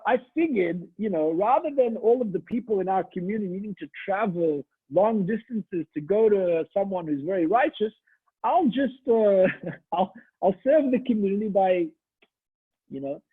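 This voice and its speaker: A shrewd old-world rabbi, as a storyteller puts him on, sounding mock-admiring and pointed, his voice a bit high and husky. It comes through a thin, phone-like line. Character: shrewd devout male rabbi confronting a preacher. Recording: tinny phone-like audio.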